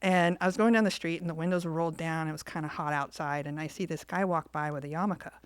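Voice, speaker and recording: A woman's voice: low voice, steady tone, fast, clear, resonant tone. A woman co-hosting a podcast, telling a story in casual chat and acting out the quoted lines. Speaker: podcast co-host.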